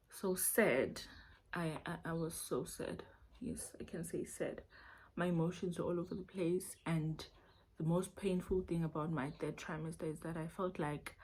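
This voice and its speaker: A young South African vlogger with a Zulu accent speaks English as a second language in a lowish, dark, husky voice. In a casual storytime vlog she confides emotionally, close to tears and holding them back.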